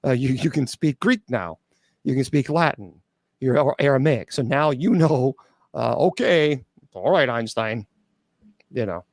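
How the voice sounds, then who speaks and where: A man's voice: mid-range voice, animated, a little slow, darkish tone, no room sound, clean studio sound. A celibate clergyman taking viewer questions on a livestream, blunt and sarcastic, with frequent restarts and stumbles.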